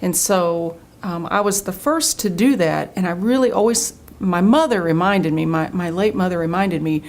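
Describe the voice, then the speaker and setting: Answering an interview in a sincere, story-driven way, a middle-aged Oklahoma woman who works as a state official livens up when quoting others. She speaks with a voice on the low side at a moderate pace, leaving few pauses.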